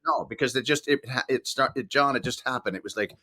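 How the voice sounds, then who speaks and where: A man's voice: mid-range voice, quick pace, bright, forceful tone. An older man from Ireland, a podcast guest telling rambling anecdotes in casual storytelling talk. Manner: rambling anecdotes with laughs and acted-out quotes.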